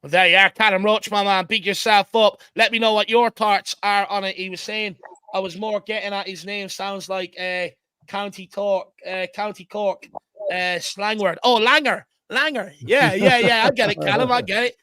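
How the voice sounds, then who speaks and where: Irish male stream host, smooth clear voice, dry close sound, chatty and upbeat. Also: sits high, fairly even intonation, moderate pace, dry recording. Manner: chatty, shouting out viewers by name. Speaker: fan channel host. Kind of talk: casual live-stream chat.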